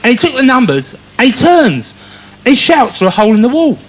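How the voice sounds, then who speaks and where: A man's voice: very high-pitched, huge pitch swings, a little fast, background noise. A man doing a rambling stand-up routine, chatty and storytelling. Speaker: stand-up comedian.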